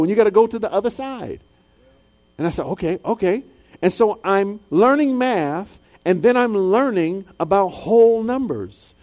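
A man preaching a sermon, dropping low and soft, then rising high and loud, and acting out the voices of people in his stories. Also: animated, moderate pace. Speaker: pastor.

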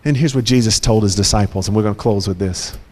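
A man's voice: lowish voice, fast talker, a little mellow, big-room sound. A male pastor preaching a sermon with emphatic delivery and repeated phrases.

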